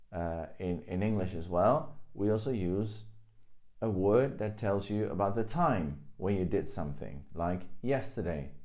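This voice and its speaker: A young man teaches at an unhurried pace, patiently walking through each example and repeating words slowly. His voice is low and mellow, with a relaxed, easygoing tone. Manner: slow, patient explaining, repeats words with careful tones. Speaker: Chinese language teacher. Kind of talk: casual spoken lesson.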